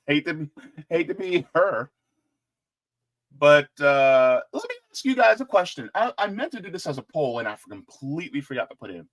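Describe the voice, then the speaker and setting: A man hosting casual political commentary, joking and talking straight to his viewers. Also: a little high. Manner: joking, animated, talks to viewers directly.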